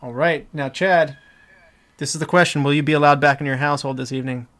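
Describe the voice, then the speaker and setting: A man's voice: fairly high pitch, steady tone, fast, a bit bright, a little hiss or hum. A man hosting a casual movie podcast roundtable, talking in a rambling way with many fillers and restarts. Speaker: podcast host.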